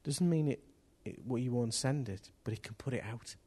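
A man preaching to his church in a fervent sermon. His middle-pitched voice swings between quiet, reflective asides and loud, rising bursts of fervour. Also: moderate pace, hardly any pauses, slightly rough. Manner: impassioned, rising to loud outbursts. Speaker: pastor. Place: church hall with congregation.

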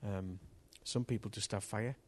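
A man preaching a sermon to a congregation, impassioned and building to loud bursts. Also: lowish voice, fairly even intonation, moderate pace. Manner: impassioned, rising to loud outbursts. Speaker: pastor. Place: church hall with congregation.

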